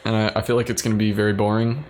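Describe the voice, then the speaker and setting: A man's voice: on the low side, level tone, rapid-fire, darkish tone, slight background noise. A young man co-hosting a podcast, talking casually and easygoing with dry joking asides. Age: young adult. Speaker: podcast co-host. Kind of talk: casual chat.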